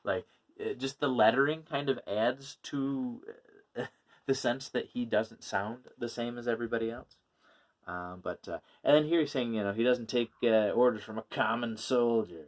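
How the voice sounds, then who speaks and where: A man's voice: mid-range voice, moderate pace. A man casually talking through a comic book issue, rambling with many fillers and small laughs. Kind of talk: casual chat.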